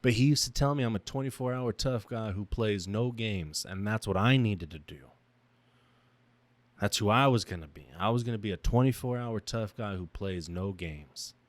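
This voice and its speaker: A man's voice: on the low side, moderate pace, no echo. A young man hosting his own podcast, talking about himself in a raw, emotional monologue that halts and restarts. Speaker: podcast host. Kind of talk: personal reflective monologue.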